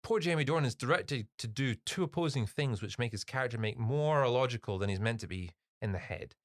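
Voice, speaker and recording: A man's voice: medium pitch, a little fast, no room sound, studio quality. A young man co-hosting a podcast, ranting jokily in a casual film review chat. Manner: animated, ranting, jokey. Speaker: podcast co-host.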